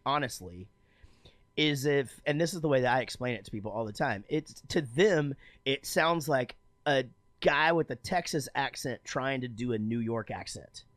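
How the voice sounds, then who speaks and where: A man hosting a casual podcast chat, animated and laughing often, swearing freely. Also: moderate pace, no echo. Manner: animated, swearing, laughing, lively pitch swings. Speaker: podcast host.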